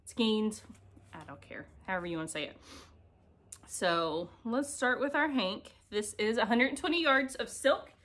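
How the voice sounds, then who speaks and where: A woman's voice: fairly high pitch, expressive, normal speed, a bit bright. A woman chatting casually to camera at home as a cross-stitch vlogger, giggly and self-deprecating, filmed by a camera set on an ironing board. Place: home, indoors.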